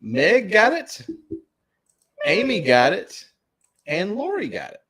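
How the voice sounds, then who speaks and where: A man's voice: sits high, huge pitch swings, slow, pushed and bright, breathy edge. A man with a Southern US accent hosting trivia in casual live-stream chat, chuckling as he reads out questions. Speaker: trivia host.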